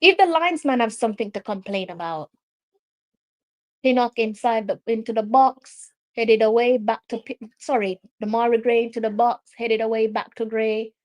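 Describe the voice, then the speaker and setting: A woman with a Jamaican accent hosting a live football watch-along, excitable and argumentative, often repeating her complaints at the officials. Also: fairly high pitch, normal speed. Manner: excitable, argues with the referee, repeats herself.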